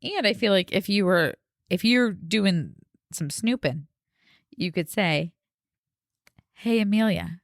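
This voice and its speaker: A woman's voice: medium pitch, unhurried, dry recording, clean studio sound. A woman hosting a podcast, chatting casually and playfully with frequent laughter. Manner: animated, playful, laughs often. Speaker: podcast host. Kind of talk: casual chat.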